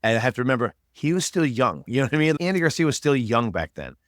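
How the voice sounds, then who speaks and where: Male podcast guest, quick animated talker, dry close mic. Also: medium pitch, no room sound. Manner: fast, animated, talks through his reactions. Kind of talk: casual podcast movie chat.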